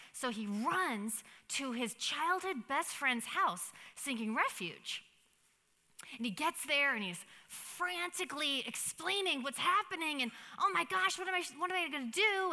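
A young adult woman giving a devotional Bible teaching in a chatty, animated way, with many fillers and restarts. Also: sits high. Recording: long hall reverb.

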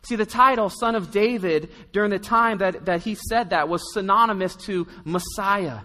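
This pastor's voice is high and bright as he preaches at a normal pace, relating the story in a relaxed, conversational style and voicing its characters' lines himself. The hall around him gives off a long, ringing reverb.

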